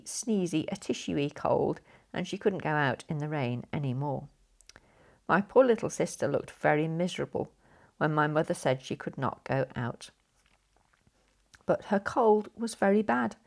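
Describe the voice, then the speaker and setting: Woman storyteller, gravelly low voice, playful expressive bedtime reading. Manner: expressive, drawn-out sound words.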